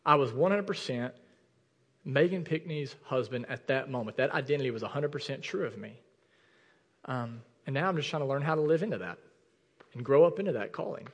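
A man in his thirties preaching a sermon in a church, swinging from near shouts down to low, intimate asides. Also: fairly quick, in a large hall. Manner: impassioned, rising to near shouts then dropping low and intimate. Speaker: pastor. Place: church sanctuary.

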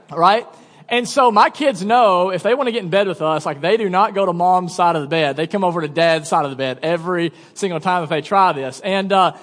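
A man's voice: high voice, fairly bright tone. A man in his thirties, a pastor preaching a sermon in a casual, joking storytelling manner. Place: church sanctuary. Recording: long church reverb.

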